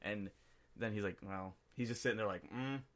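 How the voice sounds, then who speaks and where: Male podcast co-host, lowish voice, rambling casual recaps. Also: steady tone, a little fast. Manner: rambling, acts out scenes in quoted voices. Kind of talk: casual movie review chat.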